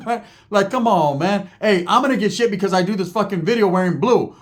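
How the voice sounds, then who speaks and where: Vlogger, male, fairly high voice, slangy profane storyteller who keeps checking in with the listener. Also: quick pace. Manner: animated, slangy, cursing, asks the listener for agreement.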